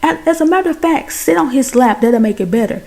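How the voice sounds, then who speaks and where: Woman doing a pushy fair caricature man, coaxing, bossy, raised pitch, a little gravelly. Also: animated, brisk, darkish tone.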